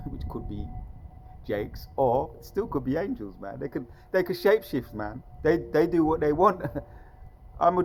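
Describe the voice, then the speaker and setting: Low-voiced man musing on scripture. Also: a little mellow, a little hiss or hum, rough recording. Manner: rambling, quotes scripture, keeps saying "man". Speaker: vlogger. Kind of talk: casual religious musing.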